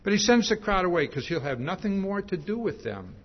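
Guy preaching casual style, lots of restarts and asides, slightly high voice, muffled old recording. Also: brisk, slightly rough. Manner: conversational, animated storytelling with many restarts and asides. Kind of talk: sermon. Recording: dull lo-fi recording.

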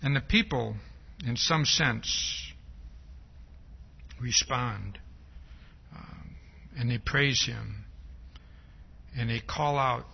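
A man's voice: mid-range voice, extremely slow, creaky, pauses often, breathy edge. A man preaching a sermon, stressing his points with a repeated "see?" and acting out quoted lines. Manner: frequent rhetorical "see?"; emphatic, acts out quoted speech. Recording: dull lo-fi recording.

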